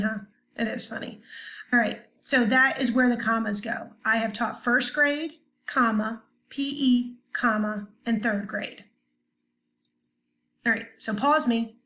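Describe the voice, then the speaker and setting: A woman's voice: on the high side, fairly bright tone, rough recording. A woman teaching a recorded grammar lesson to third graders in a chatty, upbeat way, talking directly to the children. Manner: chatty, upbeat, talks straight to young students.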